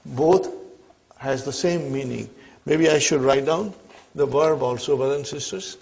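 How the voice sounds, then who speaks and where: A man teaching an Arabic grammar lesson to a class, slow and repetitive, often checking whether his listeners follow. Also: mid-range voice, vocal fry, darkish tone. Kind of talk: classroom lecture. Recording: dull lo-fi recording.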